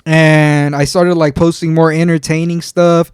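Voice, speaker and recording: A man's voice: a little high, flat delivery, unhurried, clean tone, no room sound, clean studio sound. A man in his twenties co-hosting a podcast, telling stories in loose, profane casual talk. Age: 20s. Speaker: podcast co-host. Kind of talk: casual chat.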